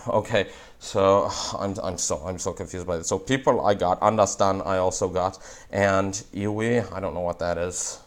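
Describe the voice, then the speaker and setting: A young man with a New England accent and a fairly low voice, hosting a relaxed language lesson. He thinks out loud, restarts his sentences often, and slows down to spell words out letter by letter. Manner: thinking aloud, frequent fillers and restarts, slow careful spelling. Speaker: language video host. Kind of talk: reading aloud and explaining, casual.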